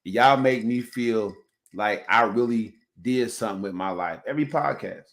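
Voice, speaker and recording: A man hosting a relationship podcast in casual chat, emphatic and swinging from soft, emotional talk to loud hype calls. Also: medium pitch, moderate pace. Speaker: podcast host.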